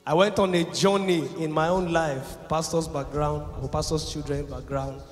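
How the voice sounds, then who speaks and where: A man preaching a fervent sermon, swinging between loud exhortation and hushed confession. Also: on the high side, fairly even intonation, moderate pace. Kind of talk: impassioned sermon. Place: large university chapel. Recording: echoey hall with music behind.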